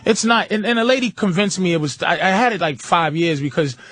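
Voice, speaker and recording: An American man telling a story in casual chat, profane and animated, often mimicking the voices of others. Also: high-pitched, brisk, dry recording. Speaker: radio show guest comedian.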